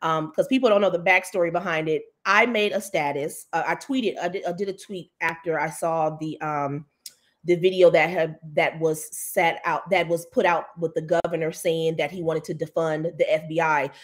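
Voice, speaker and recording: A woman, a local official, chatting as a guest on a talk show, telling a story with mocking indignation and jumping higher when she quotes people. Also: moderate pace. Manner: animated storytelling, jumps higher when quoting others. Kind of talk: casual talk-show chat.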